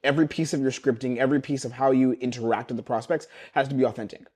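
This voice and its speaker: A man teaches sales calls straight into his webcam, rattling through scripts at a rapid clip. His voice is mellow and dark, with an average pitch, and he slips into the closer's lines as he role-plays them. The sound is plain webcam audio from a home setup. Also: slightly rough. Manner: fast, energetic, acts out closer lines. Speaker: sales coach.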